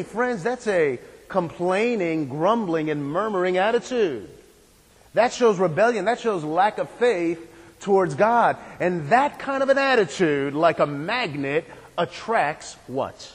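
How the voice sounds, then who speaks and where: High-voiced preaching man, reverberant hall. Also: expressive, measured pace, slightly rough. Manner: repetitive preaching cadence, rhetorical questions. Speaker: pastor. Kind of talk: sermon.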